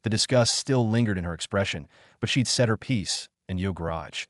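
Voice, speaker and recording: Low-voiced man narrating steadily. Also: moderate pace, dry recording, studio quality. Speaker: audiobook narrator. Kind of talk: scripted fantasy narration.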